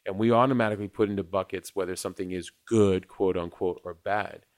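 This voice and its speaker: A man's voice: sits low, steady tone, fast, no echo, studio quality. A man from New York telling stories in a casual chat, rambling and acting out what people said. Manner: rambling storyteller, acts out quotes, laughs often.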